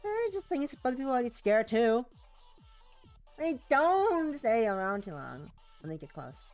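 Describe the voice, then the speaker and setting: A woman's voice: on the high side, big pitch swings, normal speed, a little mellow, soft background music. A woman reading a game's text as a giddy, clingy, obsessive girl, rambling with lots of "like". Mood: giddy dreamy. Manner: breathless valley-girl rambling, full of "like".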